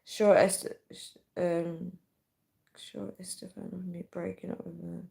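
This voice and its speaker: A woman's voice: fairly low pitch, little pitch movement, unhurried, creaky, dark tone. A young woman chatting casually on a livestream, reading out comments and laughing often. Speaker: livestream host.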